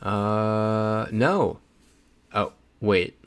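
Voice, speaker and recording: This man speaks extremely slowly in a smooth voice on the low side. Hosting a casual livestream, he chats loosely and reads chat messages aloud as he plays.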